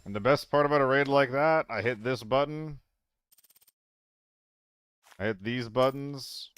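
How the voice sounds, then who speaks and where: A man's voice: medium pitch, measured pace, a bit bright, smooth, no room sound. A young man live-streaming a shooter game, chatting loosely with viewers, swearing and getting flustered in fights. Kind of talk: casual live-stream chat while gaming.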